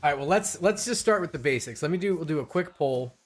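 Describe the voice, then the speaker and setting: A man's voice: on the high side, lively intonation, fast talker, breathy edge, faint music behind. A man hosting a live stream in casual talk, rambling and restarting his sentences often. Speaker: streamer host.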